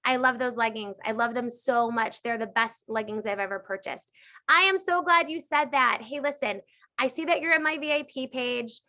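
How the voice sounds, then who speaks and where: A woman in her thirties leading a live Q&A, coaching her sales team in an energetic, emphatic way that repeats points for emphasis. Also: fairly high pitch, normal speed. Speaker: direct sales team leader.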